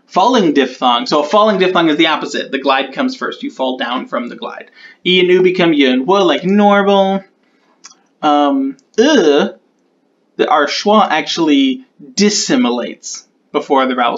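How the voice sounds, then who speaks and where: Guy explaining his conlang sound changes, thinking out loud and fixing himself, kinda muffled lo-fi audio. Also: medium pitch, unhurried. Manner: thinks aloud, corrects himself mid-sentence. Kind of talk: casual explanatory walkthrough.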